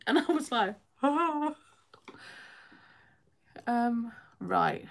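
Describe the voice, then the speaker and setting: A young woman hosting a casual live stream, chatting and reading comments, laughing often and poking fun at herself. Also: a little high.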